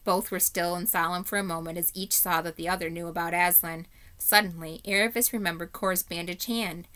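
Bright-voiced teacher reading a story aloud. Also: female voice, fairly low pitch, steady tone, fairly quick. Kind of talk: reading a chapter book aloud to children.

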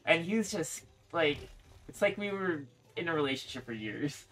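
Young male streamer, casual and rambling, swings lively in pitch as he talks. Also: moderate pace. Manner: rambling storyteller, swears freely, restarts often. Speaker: gaming streamer. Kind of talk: casual chat while playing.

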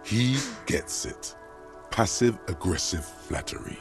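A man giving scripted narration as the inner voice in a game, sardonic and measured. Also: deep voice, expressive, faint music behind, full character voice.

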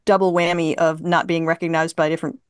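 A talkative woman in her fifties, a writer being interviewed, who tells long anecdotes full of fillers and restarts. Her voice sits a bit low. The sound is dry, with almost no room reflection. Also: level tone, quick pace, clean tone, no room sound. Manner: chatty storyteller, laughs often, many fillers. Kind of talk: casual conversation.

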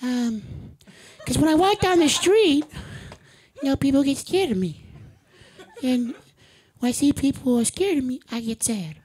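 A man doing stand-up in a put-on soft, timid little boy voice like a cuddly cartoon bear, meek and stammering, on a comedy club stage. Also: extremely high pitch, lively intonation, normal speed, pitched above the performer's own voice. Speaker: stand-up comic. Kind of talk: stand-up set in a character voice.

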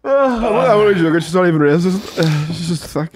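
A man's voice: high-pitched, lively intonation, moderate pace. A man co-hosting a comedy podcast, firing off teasing, dry one-liners. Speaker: podcast co-host. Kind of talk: casual comedy chat. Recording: clear background noise.

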